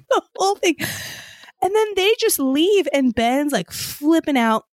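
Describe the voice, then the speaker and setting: A woman's voice: sits high, very animated, slow pace, dry recording, studio quality. A woman co-hosting a podcast in casual chat, telling stories full of "like" and quoted voices. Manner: storytelling, full of "like" and "you know", quoting others. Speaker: podcast co-host.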